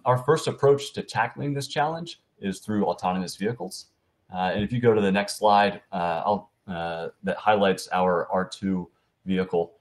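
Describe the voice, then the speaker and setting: Very deep-voiced male panelist. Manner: easygoing, frequent fillers. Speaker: panelist presenting for a delivery robotics company. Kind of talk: conference panel presentation.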